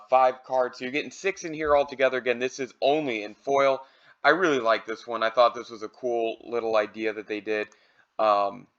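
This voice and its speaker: Bright-voiced man, easygoing card review, slightly dull lo-fi recording. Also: medium pitch, clean tone. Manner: relaxed, thinking aloud with fillers. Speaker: card collector reviewing products. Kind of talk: casual product review.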